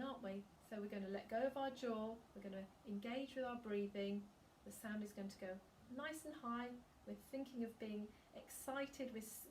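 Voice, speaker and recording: A woman singing teacher gently guiding a breathing and vocal warm-up, giving calm, encouraging instructions. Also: a little high, distant mic, slight background noise.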